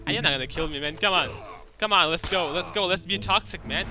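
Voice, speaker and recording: A man's voice: a little high, normal speed. Trash-talking young man over game music. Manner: trash-talking, swearing, laughing at opponents. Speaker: gaming YouTuber. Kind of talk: casual gameplay commentary.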